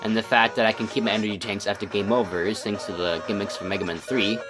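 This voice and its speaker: A young man who has just woken up does casual let's play commentary over music, his low voice scratchy with morning. He talks at a quick pace with fairly even intonation, rambling with lots of ums and restarts.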